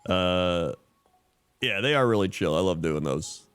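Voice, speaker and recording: A man's voice: low-pitched, animated, a little slow, a bit bright, clear, resonant tone. A man streaming live in casual chat, reading out usernames and laughing often.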